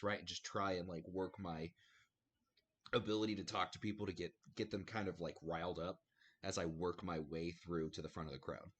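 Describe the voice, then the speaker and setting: A man's voice: sits low, steady tone, normal speed, a bit bright, slightly rough. A man playing a tabletop game, casually talking through his plans at length. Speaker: player.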